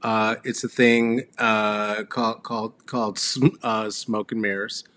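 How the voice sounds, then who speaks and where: In Colorado, a middle-aged man hosts a solo comedy monologue with a fairly low, slightly bright voice and flat, unhurried delivery. He rambles crudely and sarcastically, leaning on fillers and asides that trail off.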